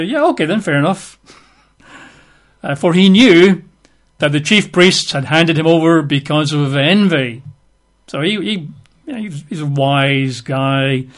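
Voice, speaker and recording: A male preacher teaching through a Bible passage in a conversational sermon, explaining it with casual asides. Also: on the high side.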